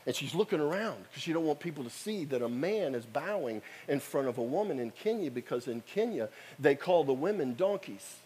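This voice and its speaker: A man's voice: on the high side, lively intonation, brisk, few pauses, mellow, a little hiss or hum. A man in his fifties preaching a sermon, telling a story with emphatic, repetitive exhortations. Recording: echoey hall reverb.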